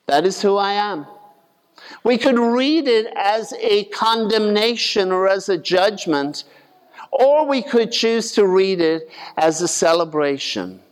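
Male preacher, conversational sermon, high voice, long hall reverb. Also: lively intonation, slow. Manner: conversational, acts out voices in his retelling.

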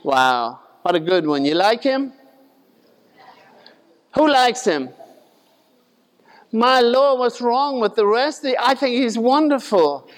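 A man's voice: very high voice, expressive, slow, pauses often, long reverb tail. A man preaching a sermon in a conversational way, acting out the voices of the people in his retelling.

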